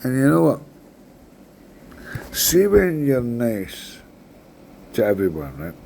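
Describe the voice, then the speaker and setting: A man's voice: mid-range voice, wildly swooping pitch, slow pace, vocal fry, mellow, slight background noise. A Scottish man in his sixties telling a rambling story in casual chat, swearing freely and tagging "right?" onto his sentences. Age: 60s. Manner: rambling, swears a lot, keeps adding "right?". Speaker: vlogger.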